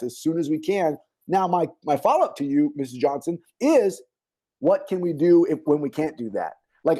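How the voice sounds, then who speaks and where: A man's voice: high voice, warm tone. A man hosting a casual online parent forum as a school administrator, riffing animatedly with many fillers and restarts over a video call. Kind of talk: casual online community talk.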